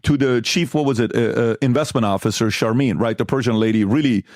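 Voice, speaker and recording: A middle-aged man hosting a podcast, telling stories in an animated, emphatic way, repeating himself and acting out dialogue. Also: medium pitch, a little fast, dry recording, clean studio sound. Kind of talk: animated storytelling chat.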